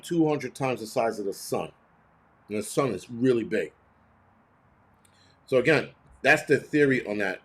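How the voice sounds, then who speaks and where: A man hosting his own show, ranting in heated, blunt, profane commentary full of rhetorical questions. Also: medium pitch. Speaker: host.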